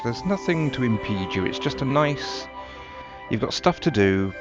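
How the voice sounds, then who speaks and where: A man giving relaxed, wry, rambling commentary while playing a video game. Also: medium pitch, normal speed. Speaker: gameplay commentator. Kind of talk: casual gameplay commentary. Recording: dull lo-fi sound with game music behind. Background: game music.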